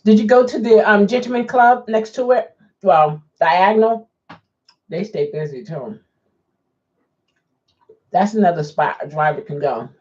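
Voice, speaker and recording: A woman's voice: mid-range voice, lively intonation, measured pace, pauses often, a little mellow. A woman chatting casually on a live stream as a rideshare driver, answering viewer comments and laughing often. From Baltimore. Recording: dull lo-fi sound.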